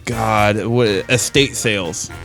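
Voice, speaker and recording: A man's voice: fairly low pitch, steady tone, slow, vocal fry, fairly bright tone, soft background music. A man co-hosting a podcast, teasing his friends and laughing often. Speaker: podcast co-host. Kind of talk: casual banter.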